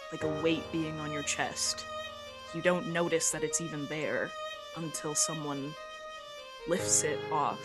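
A woman narrating as game master, soft and hesitant with many fillers. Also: sits low.

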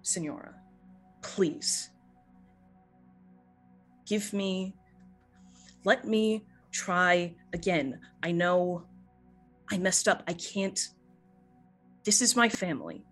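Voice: mid-range voice, drawn-out words, long pauses, fairly bright tone, faint music behind. A game master voicing a desperate father who pleads in broken-off phrases. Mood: pleading. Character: desperate father begging for another chance.

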